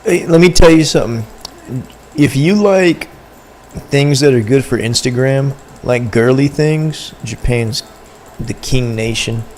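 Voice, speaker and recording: A man's voice: mid-range voice, a little slow, a little mellow, a little hiss or hum. Rambling slangy male streamer. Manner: rambling, slangy, talks to chat. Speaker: livestreamer. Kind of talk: casual stream chat.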